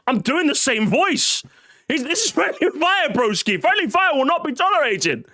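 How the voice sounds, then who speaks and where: A man streaming a reaction, joking sarcastically and swinging between loud outbursts and muttered asides. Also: very high voice, sing-song, normal speed. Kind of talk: casual live-stream reaction.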